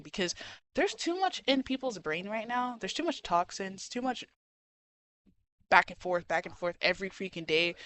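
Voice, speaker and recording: A young woman streamer giving casual reaction commentary, animated and slangy, peppering her talk with "bro" and "freaking". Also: medium pitch. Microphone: desk mic.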